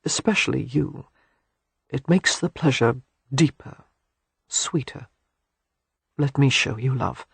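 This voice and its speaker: A narrator giving voice to a gentle young man in love, murmuring in a hushed, low, breathy voice close to the mic. His husky softness stays intimate and unhurried, a romance reading with a dry, close sound. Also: dry recording, heavily acted. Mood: tender murmur. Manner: soft, murmured, low delivery.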